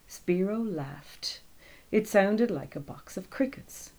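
A woman narrating an audiobook, reading a novel aloud in a steady, measured way. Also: deep voice, creaky, poor audio.

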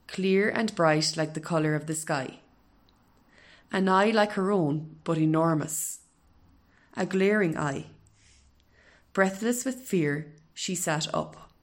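Low slow lady reading a storybook, calm and measured. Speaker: narrator. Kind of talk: scripted audiobook narration.

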